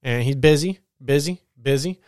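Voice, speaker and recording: In clean studio-quality audio with no room sound, a man hosting his podcast from home before bed relates a work story. He speaks at normal speed in a mid-range voice, casually rambling, swearing and retelling with animation.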